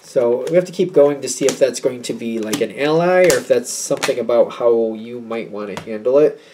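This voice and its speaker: A man's voice: medium pitch, a little fast, background noise. A man doing a casual tarot card reading, chatty and thinking aloud with many fillers. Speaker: tarot reader.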